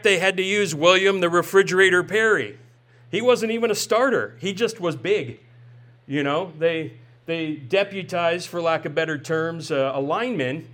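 A man in his forties delivers a sermon with a notably high voice. He keeps it conversational, tossing rhetorical questions at the congregation and tagging lines with "right?". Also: fairly bright tone. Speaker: pastor.

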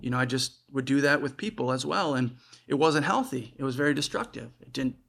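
A male preacher gives a relaxed, conversational sermon in a mid-range voice that's brisk and gravelly. He frequently stops and restarts phrases, speaking in an earnest, personal way.

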